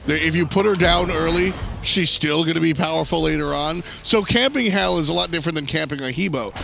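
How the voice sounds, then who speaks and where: This male esports caster talks briskly in a fairly high, gravelly voice that sounds pushed and bright. Calling the game live, he analyzes picks and items conversationally and keeps starting his thoughts over.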